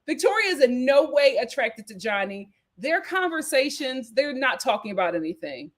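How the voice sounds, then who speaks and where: A woman hosting a live reality TV recap, chatting in an animated, gossipy way. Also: high-pitched, moderate pace. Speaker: host.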